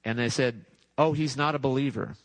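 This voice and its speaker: A man's voice: mid-range voice, steady tone, a little fast, dry recording, poor audio. A man preaching a sermon, telling a testimony story in a chatty way, chuckling and acting out what people said. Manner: chatty, laughs at his own story, acts out voices. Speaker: pastor.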